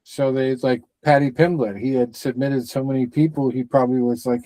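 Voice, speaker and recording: A man talks through fight news as a podcast co-host in a loose, rambling way, full of "you know" and "um." His voice sits at an ordinary middle pitch. The recording is close and dry. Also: fairly even intonation, a little fast, few pauses, warm tone, no room sound, low-quality recording. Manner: rambling, chatty, frequent fillers. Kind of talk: casual fight-sports chat.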